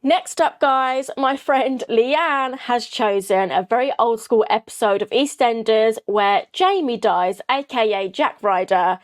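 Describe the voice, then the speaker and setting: A woman's voice: fairly high pitch, unhurried, few pauses. A young woman from Kent hosting a reaction video, chatting casually and peppering her talk with "you know" and "like". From Kent, England. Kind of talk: casual chat.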